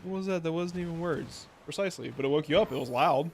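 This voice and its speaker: A man's voice: fairly high pitch, fast talker, faint music behind. A man giving casual gameplay commentary on his stream, rambling and playful, often restarting his sentences. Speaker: VTuber streamer.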